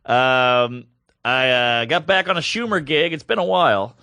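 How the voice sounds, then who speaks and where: Bright playful comic telling a story. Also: male voice, mid-range voice, animated, unhurried, dry recording, clean studio sound. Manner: playful, teasing, goofy asides. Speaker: podcast co-host. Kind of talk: casual comedy storytelling.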